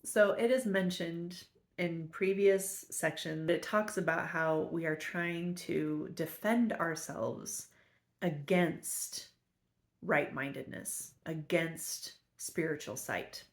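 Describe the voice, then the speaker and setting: Woman going thru a spiritual book out loud, earnest, kinda low voice, repeats the big lines slow. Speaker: spiritual study teacher. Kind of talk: reading and explaining a spiritual text.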